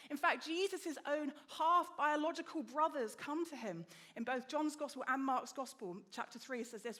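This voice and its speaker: A woman preaching a sermon with lively storytelling, acting out the people she quotes. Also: high voice, a little fast. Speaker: guest preacher.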